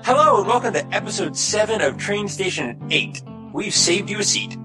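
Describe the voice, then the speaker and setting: A man's voice: high voice, expressive, normal speed, over music. A man from Texas hosting a casual podcast chat in an upbeat way, with fillers and laughs. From Houston, Texas. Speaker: podcast host.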